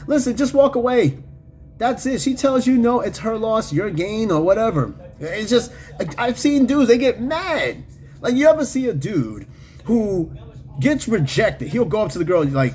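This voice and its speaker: A man with a high-pitched, somewhat dark voice hosts a podcast at a moderate pace, his pitch swinging widely. He reads comments from his live chat in loose, slangy, profane banter, with plenty of fillers and laughter.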